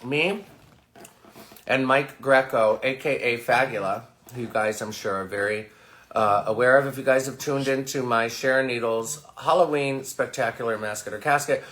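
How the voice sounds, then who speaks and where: A man performing in drag, hosting a campy livestream sales pitch with sassy, crude deadpan jokes. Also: moderate pace. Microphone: phone livestream.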